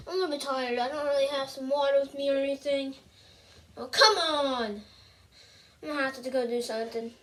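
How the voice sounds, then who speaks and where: A young performer voicing a small, excitable cartoon mouse who talks in a frantic, rushed, whiny way. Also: sits high. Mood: casual.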